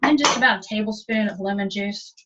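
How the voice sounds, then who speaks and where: A woman's voice: mid-range voice, fairly quick, sharp tone. A woman giving a chatty, practical step-by-step cooking demonstration in a kitchen, heard over webinar audio. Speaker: cooking instructor. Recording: distant, dull webinar audio.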